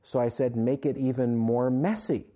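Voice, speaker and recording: A man's voice: mid-range voice, moderate pace. A man, an author and guest on an interview show, telling a story at length and acting out the quoted lines. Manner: animated storyteller, acts out quotes.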